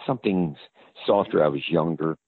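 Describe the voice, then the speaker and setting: A man's voice: very deep voice, moderate pace. An older man, an actor guest in an interview, telling rambling anecdotes. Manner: rambling storyteller. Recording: tinny phone-line audio.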